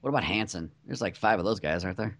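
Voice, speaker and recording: A man's voice: lowish voice, animated, fast, vocal fry, a bit bright. A man co-hosting a podcast in casual chat, sardonic and swearing freely. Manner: sardonic, profane. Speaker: podcast co-host.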